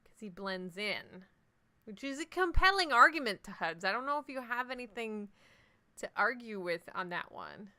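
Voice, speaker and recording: A woman's voice: fairly high pitch, animated, normal speed, bright, forceful tone. A woman hosting a live game stream, chatting casually and jokingly with her viewers about their votes. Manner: chatty, jokey, answers chat votes. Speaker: livestream host. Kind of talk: casual let's-play chat with live viewers.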